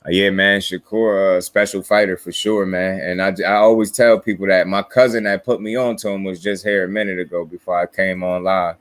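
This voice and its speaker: Hosting a casual boxing live stream, a New Jersey man is laid-back and slangy, chuckling as he reads viewer comments. His low voice keeps a level tone, moving a little fast with hardly any pauses. There's no echo.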